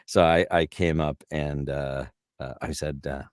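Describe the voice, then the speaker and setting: Deep-voiced middle-aged man telling stories. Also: unhurried, no room sound, clean studio sound. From Canada. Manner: animated anecdotes with lots of restarts and fillers. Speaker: guest voice actor. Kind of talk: casual interview storytelling.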